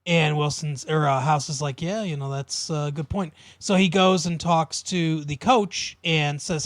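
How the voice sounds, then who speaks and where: Podcast co-host, male, a bit high-pitched, dry mic, laid-back rambling recap. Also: no room sound. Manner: relaxed, drawn-out retelling with many fillers. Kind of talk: casual chat recapping a TV episode.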